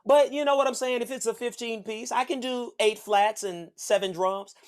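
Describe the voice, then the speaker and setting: A man's voice: very high-pitched, normal speed, smooth. A man from the States, hosting a podcast and telling a story in a casual, profane way. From Southern United States. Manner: animated, profane, acts out other voices. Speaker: podcast host.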